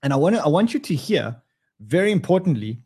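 A man's voice: fairly high pitch, very animated, quick pace, darkish tone, husky. A man with an Australian accent hosting a casual livestream, joking and rambling with many restarts. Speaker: livestream host.

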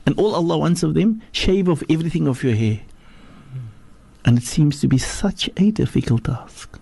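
A man's voice: normal speed, gravelly, mellow, breathy edge, no room sound. A man from Africa, a sheikh giving a religious teaching on a radio talk show in an emphatic preaching manner. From South Africa. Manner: preaching, emphatic, swings from low to high. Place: radio studio.

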